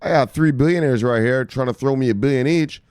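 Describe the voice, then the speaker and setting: A man hosting a crypto news show in a casual, profane, excitable live-stream style, repeating "look, look" and swearing freely. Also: medium pitch, fairly quick, smooth, no room sound, clean studio sound.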